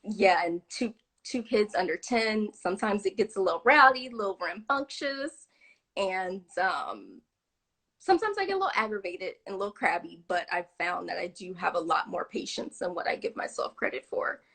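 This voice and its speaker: A woman's voice: mid-range voice, sing-song, normal speed, a bit bright. A woman in her thirties, a guest chatting on a video call, with lots of ums and frequent laughs. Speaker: interview guest. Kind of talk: casual video-call interview.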